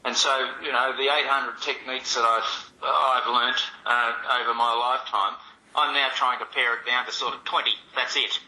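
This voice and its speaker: An older man who teaches martial arts, explaining things in a measured, teacherly way. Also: mid-range voice, steady tone, bright, forceful tone, reverberant, rough recording. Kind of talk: casual chat.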